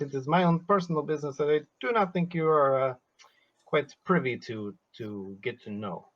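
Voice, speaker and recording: A man's voice: a little high, close to an everyday voice. Man playing a proud male adventurer who guards his quest; defiant, occasionally swears, muffled mic. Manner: defiant, curses, many filler ums. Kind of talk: in-character tabletop role-play.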